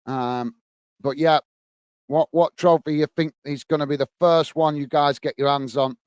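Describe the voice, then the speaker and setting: English guy doing a casual footy watchalong, bit higher voice, dry close mic. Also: fairly even intonation, moderate pace, clean tone, dry recording. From England. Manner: casual, chatty, calls viewers mate and guys. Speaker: watchalong host. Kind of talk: live match commentary and chat with viewers.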